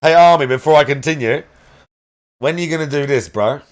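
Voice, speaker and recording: Speaking briskly in a slightly high voice, an adult father chats casually during a live game stream. He rambles and gropes out loud for the words he wants.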